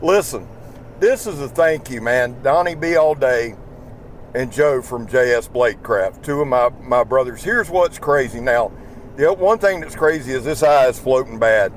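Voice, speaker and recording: This casual driving vlog features a tired, Southern-accented knife channel host on YouTube, rambling folksily and cussing as he drives his pickup. His mid-range voice is expressive and a little slow, captured by a small microphone in the truck with some hiss or hum.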